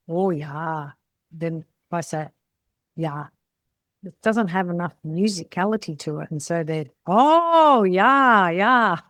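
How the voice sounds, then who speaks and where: A woman's voice: fairly low pitch, no room sound. A middle-aged woman, coaching salon owners in a blunt, chatty way and often tagging her points with "right?". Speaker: salon business mentor. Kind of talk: casual coaching talk.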